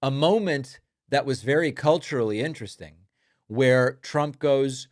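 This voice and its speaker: Dry sarcastic guy doing politics commentary, mid pitch, no room sound. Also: unhurried, dry recording. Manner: sardonic, mocking quotes in a raised voice. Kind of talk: commentary on speech clips.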